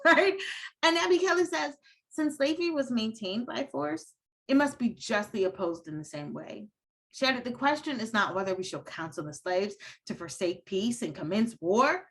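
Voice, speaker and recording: A woman giving an academic lecture over a video call, animated, laughing often and paraphrasing historical figures aloud. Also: a little high. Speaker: guest lecturer. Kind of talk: academic lecture at a virtual event. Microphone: computer mic on a video call.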